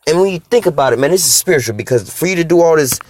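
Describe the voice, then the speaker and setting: A man giving casual, heated commentary in street slang, swinging between calm explanation and animated emphasis, with many fillers and restarts. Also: very fast. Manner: animated, profane street slang, acts out dialogue; restarts and fillers, rising pitch when emphatic. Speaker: religious commentator.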